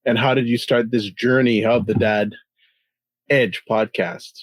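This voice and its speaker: A man co-hosting a podcast, asking his guest questions in a measured, slightly halting way. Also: mid-range voice, fairly even intonation, no echo, poor audio. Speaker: podcast co-host. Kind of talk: interview questions.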